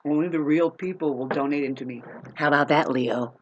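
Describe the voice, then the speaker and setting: A woman's voice: low-pitched, fairly quick, slight background noise. Profane ranting woman, dull lo-fi sound. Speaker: vlogger. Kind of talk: unscripted rant to camera.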